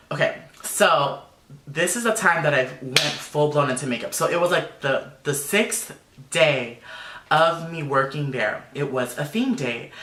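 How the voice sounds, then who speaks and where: Bright, animated young man in an echoey room. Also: fairly high pitch. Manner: animated, emotional storytelling with many fillers. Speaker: makeup artist and YouTuber. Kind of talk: casual storytelling vlog. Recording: roomy echo.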